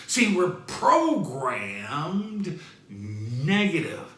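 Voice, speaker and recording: A man giving a motivational talk in a lively, swinging voice. He takes his time and leans hard on the repeated key phrases. A roomy echo surrounds him. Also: mid-range voice, slow. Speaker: motivational speaker.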